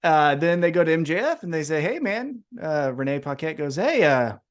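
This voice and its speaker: A man co-hosting a wrestling podcast, telling a story in a loose, profane style. His pitch swings up and down a lot, and he slips into the voices of the people he describes. It is a relaxed livestream chat. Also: a little fast, clear, resonant tone. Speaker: podcast co-host.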